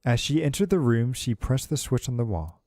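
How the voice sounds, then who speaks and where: A male streamer reads a game's story text aloud in a casual way, breaking off for asides. His voice is dark and mellow. The recording is dry and close. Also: mid-range voice, sing-song, moderate pace, no room sound. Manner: casual, with filler asides and restarts. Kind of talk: reading game text aloud while playing.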